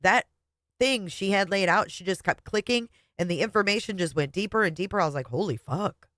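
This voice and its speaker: A woman's voice: mid-range voice, brisk, a bit bright, dry recording, studio quality. A middle-aged woman hosting a live stream, reading chat comments and talking bluntly, with plenty of swearing. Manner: blunt and profane, chatty.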